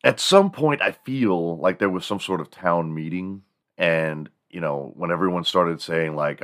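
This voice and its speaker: Low-pitched man, from the United States, casual comedic rant, rambling and profane. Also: unhurried, a bit bright. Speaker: podcast host.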